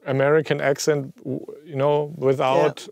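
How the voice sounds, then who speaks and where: A man's voice: fairly high pitch, little pitch movement, normal speed, gravelly, darkish tone, no echo. A man with a German accent hosting a casual chat, joking and chatty. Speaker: host.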